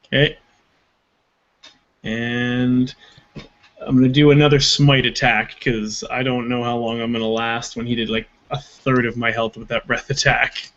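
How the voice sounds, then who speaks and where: A man's voice: medium pitch, level tone, measured pace, a bit bright. A man playing a tabletop game, planning his moves aloud in a matter-of-fact way. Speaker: player. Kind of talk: casual tabletop game talk. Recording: muffled lo-fi audio with keyboard typing.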